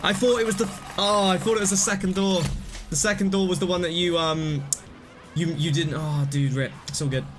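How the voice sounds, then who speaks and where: Young man, streamer, rambling gameplay commentary, fairly high voice, faint music behind. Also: fairly quick. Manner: rambling, self-mocking, excitable.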